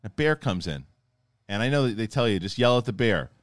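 A man's voice: on the low side, expressive, a little fast, no echo, clean studio sound. A man hosting a podcast in casual chat, rambling, profane and joking as he tells stories. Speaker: podcast host.

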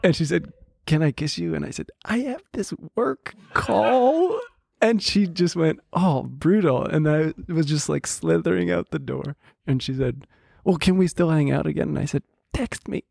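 A man in relaxed conversation, slightly high for his voice, recounting a date through quoted back-and-forth and easy laughter. The sound is dry and close. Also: moderate pace, creaky, breathy edge, no room sound. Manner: storytelling with frequent "I was like" quotes and laughs. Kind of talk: casual podcast chat.

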